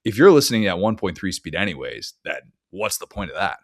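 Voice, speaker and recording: Man, deep voice, dry close sound, measured podcast host. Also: sing-song, no room sound. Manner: measured, deliberate pace. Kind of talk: casual podcast chat.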